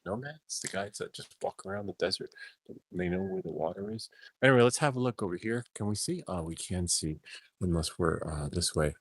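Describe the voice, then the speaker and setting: A man's voice: low-pitched, lively intonation, fairly quick, breathy edge, dry recording. A man vlogging and telling a rambling story, chuckling as he goes and often trailing off and restarting. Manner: chuckles through his stories, trailing off and restarting.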